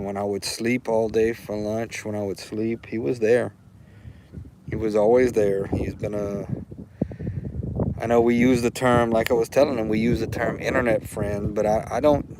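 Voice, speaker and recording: Outdoors against a noisy background, a Louisiana man with a Louisiana accent and a fairly low voice hosts a casual livestream. He rambles in a heartfelt way, repeating himself as he goes.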